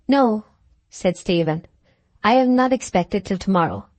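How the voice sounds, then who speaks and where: A man's voice: high-pitched, animated, unhurried, darkish tone, no room sound. A woman narrator voicing an earnest, bitter young man who argues passionately with an older rival over the woman he loves. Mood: curt.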